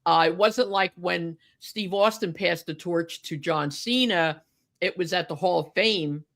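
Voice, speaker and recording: Woman, podcast co-host, bright, animated and indignant, casual wrestling chat. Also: fairly low pitch, a little slow. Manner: animated, indignant, many fillers and restarts.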